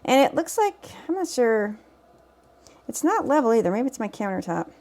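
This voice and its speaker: A woman's voice: fairly high pitch, very animated, moderate pace, darkish tone. A woman giving casual, off-the-cuff cooking commentary from her home kitchen, chatty and teasing herself, speaking off camera. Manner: chatty, self-teasing, talks while tasting. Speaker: cooking vlogger. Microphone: camera mic, speaker off camera.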